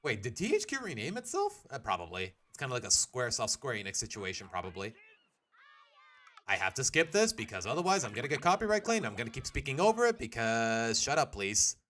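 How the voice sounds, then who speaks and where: Male streamer, casual game commentary, rambling, lively ups and downs, soft game music. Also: mid-range voice, brisk. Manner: rambling, chatty, restarts sentences. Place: home.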